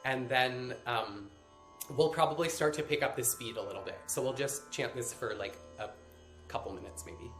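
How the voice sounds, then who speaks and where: A man's voice: medium pitch, normal speed, a bit bright, roomy sound, faint music behind. A man teaching a live-streamed workshop on mantra chanting, patiently explaining pronunciation step by step. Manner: hesitant, many fillers and restarts.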